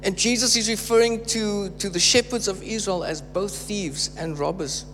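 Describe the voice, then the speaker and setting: A man's voice: high voice, moderate pace, fairly bright tone, soft background music. A man preaching a sermon, emphatic and repeating phrases for stress. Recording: reverberant hall with faint hum.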